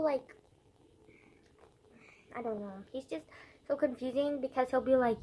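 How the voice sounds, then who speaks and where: High-voiced exasperated teenage girl vlogging. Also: steady tone, normal speed, a little mellow, a little hiss or hum. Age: teens. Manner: exasperated, filler-heavy, swearing. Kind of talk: casual ranting vlog.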